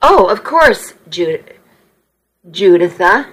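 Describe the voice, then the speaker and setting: A woman's voice: mid-range voice, very animated, takes it slowly, a bit bright, husky, exaggerated voice. A woman reading a story aloud, voicing a blustering, protective middle-aged father who is blunt and sarcastic.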